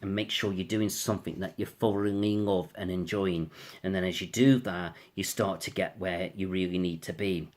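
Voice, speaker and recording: A man's voice: sits low, steady tone, moderate pace, a little mellow. A man giving a casual astrology reading, rambling and reassuring, often repeating "I feel so". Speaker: astrologer and tarot reader.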